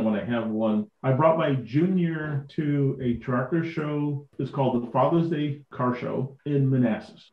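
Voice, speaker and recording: A man guest on a podcast, telling lively anecdotes and acting out the people in them. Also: mid-range voice, roomy sound, phone-quality sound. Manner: animated anecdote-telling with quoted dialogue. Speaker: podcast guest, tractor collector. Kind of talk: casual storytelling.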